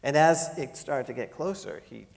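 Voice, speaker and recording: A middle-aged man telling a personal story to an audience, animated and laughing as he acts out the voices in it. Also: medium pitch, normal speed, gravelly, long reverb tail. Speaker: panel speaker. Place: lecture hall.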